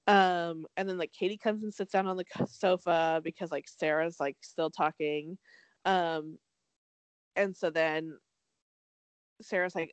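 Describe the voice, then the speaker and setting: A woman's voice: fairly low pitch, fairly even intonation, unhurried, smooth, no echo. A young woman, a podcast co-host, recapping a reality show in a chatty, sarcastic way with lots of "like". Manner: chatty, heavy use of "like", swearing, sarcastic. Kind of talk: casual recap chat.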